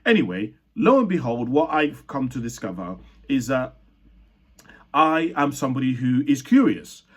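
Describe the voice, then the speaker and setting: A man's voice: mid-range voice, sing-song, normal speed, fairly bright tone, slightly rough. A young man born in Uganda telling a personal story in an earnest, reflective way, often stopping to correct himself mid-sentence. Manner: earnest, reflective, with frequent restarts and self-corrections. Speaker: speaker sharing his life story.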